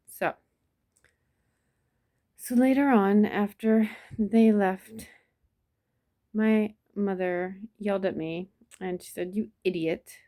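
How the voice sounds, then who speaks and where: A woman telling a personal memory in a soft, reflective way, with many pauses and restarts. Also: mid-range voice, steady tone. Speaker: vlogger. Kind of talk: personal storytelling to camera.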